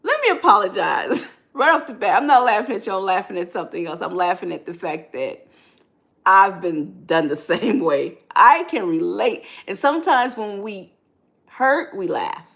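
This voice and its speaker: Woman, middle-aged, life-coach host, lively pitch, chatty and preachy as she reads the comments. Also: normal speed, gravelly. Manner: animated, preacherly, reads viewer comments, laughs often. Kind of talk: live-stream relationship advice chat.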